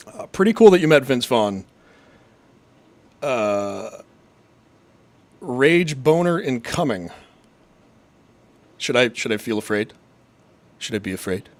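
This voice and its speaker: A man's voice: medium pitch, very animated, takes it slowly, long pauses. Profane ranting young man streamer. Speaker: streamer host. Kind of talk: casual profane live-stream rant.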